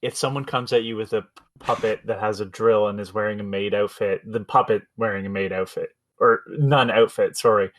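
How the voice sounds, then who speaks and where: A man co-hosting a gaming podcast in casual chat, joking in a wry, deadpan way. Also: on the low side, brisk. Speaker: podcast co-host.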